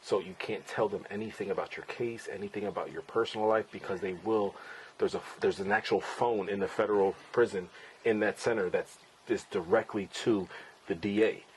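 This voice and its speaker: Casting note: man in his forties, fairly deep voice, casual blunt podcast storyteller who swears freely. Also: steady tone, fairly quick, a little hiss or hum, poor audio. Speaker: podcast host and father. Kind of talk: candid personal storytelling.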